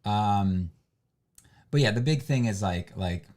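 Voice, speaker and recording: A man's voice: on the low side, takes it slowly. A man who immigrated to the country, chatting casually on a livestream with lots of restarts and asides. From immigrant, foreign-born. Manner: rambling, animated, lots of restarts. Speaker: livestream co-host. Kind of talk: casual chat.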